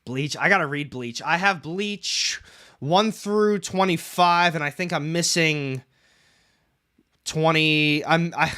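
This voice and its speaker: A man's voice: fairly high pitch, slow pace, pushed and bright, smooth. A young man hosting a casual comics livestream, rambling, reading chat aloud and swearing casually from his room at home.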